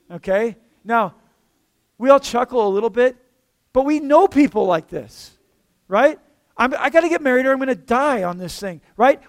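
Man, pastor, high voice, casual sermon, keeps asking "okay?". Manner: casual, checks in with the room with frequent "okay?". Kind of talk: conversational sermon.

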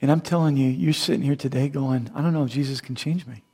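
A middle-aged male pastor preaching a sermon, animated and humorous, moving between loud emphatic stretches and hushed earnest ones. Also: mid-range voice, fast, breathy edge.

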